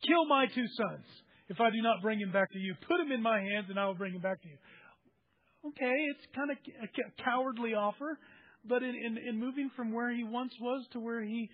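A man's voice: extremely high pitch, fairly quick, narrow, tinny audio. A man preaching a sermon, reading scripture aloud and explaining it with everyday examples. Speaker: pastor.

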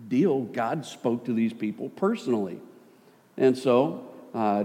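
A man preaches in a relaxed, chatty way, mixing scripture reading with jokes and acted-out asides. His voice is mellow and dark. It rings out with a long hall reverb, as in a church sanctuary. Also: mid-range voice, a little slow. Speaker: pastor. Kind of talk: sermon.

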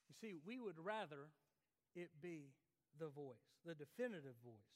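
A man preaching a sermon, talking conversationally with restarts and swinging from loud emphasis to hushed asides. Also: a little high, big pitch swings, measured pace. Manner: conversational preaching with repeated restarts, rising and dropping sharply for emphasis. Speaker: pastor. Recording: long hall reverb.

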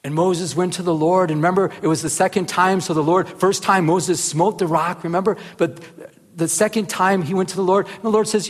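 Male Bible teacher, high voice, earnest and conversational, echoing hall. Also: a little fast. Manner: earnest, rises into animated emphasis, often asks "remember?". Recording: reverberant hall.

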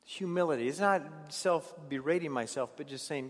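Earnest pastor preaching in a reverberant hall. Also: male voice, a little high, moderate pace, few pauses. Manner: earnest, stammering restarts, swings between hushed and raised delivery. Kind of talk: sermon.

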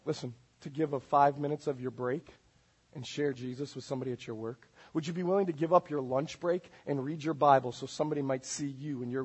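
A man preaching a sermon as pastor, swinging between loud urgent calls and hushed, intense passages. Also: fairly high pitch, husky, low-quality recording. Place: church.

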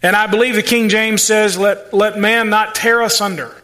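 High, bright-voiced preacher. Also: male voice, fairly even intonation, normal speed. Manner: folksy preaching with asides and sarcasm; acts out quoted voices. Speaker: pastor. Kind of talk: sermon.

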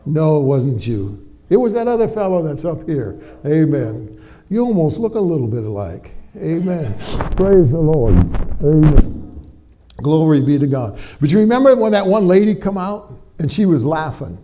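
Mellow-voiced preacher chatting with his congregation. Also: on the high side, sing-song, normal speed, slight background noise. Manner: folksy, warm storytelling with frequent amens and tag questions to the congregation. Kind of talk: sermon. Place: church before a live congregation.

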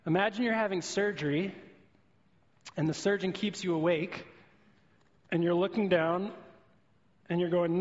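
High-pitched guy preaching, earnest, lots of illustrations, big echoey church, kinda muffled audio. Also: animated, normal speed. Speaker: pastor. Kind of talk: sermon. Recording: long hall reverb, dull lo-fi sound.

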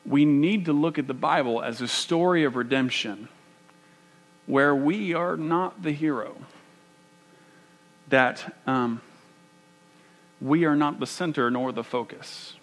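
A man preaching a sermon, animated and emphatic, often restarting his phrases. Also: fairly high pitch, slow pace, long pauses. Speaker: pastor.

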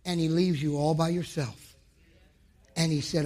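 A man's voice: fairly high pitch, fairly even intonation, unhurried, a little mellow. A man preaching a sermon to men, telling a personal story in an emphatic way and acting out past conversations. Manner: emphatic, acts out his own past dialogue.

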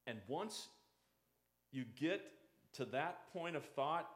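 A man's voice: medium pitch, expressive, a little slow, pauses often, fairly bright tone, roomy sound. A man preaching a conversational sermon as a pastor, slipping into the voices of doubters and critics.

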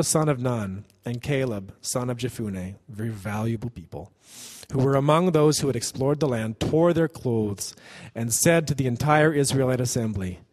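A man preaching a sermon as a pastor, animated, often acting out the voices of the people in the passage he reads. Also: mid-range voice. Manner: animated, acts out quoted voices. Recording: long hall reverb.

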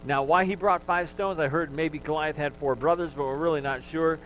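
A man's voice: fairly high pitch, steady tone, normal speed, fairly bright tone, a little hiss or hum, poor audio. A male pastor preaching a sermon, talking to the congregation in a conversational way and joking with them.

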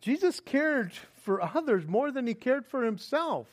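A man's voice: very high voice, a little slow. A male pastor preaching a sermon, acting out panicked pleas and laughing often between points. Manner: animated, acts out panicked pleas with frequent laughs.

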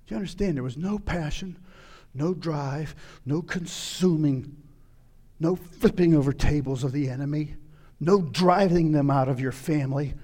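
A man preaching a sermon, retelling a scripture story and acting out its scenes with sudden loud outbursts. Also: a little high, moderate pace. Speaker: pastor.

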